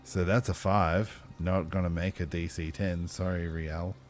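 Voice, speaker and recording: A man running a tabletop game as game master, chatty and thinking aloud, with lively exclamations. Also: deep voice, unhurried, soft background music.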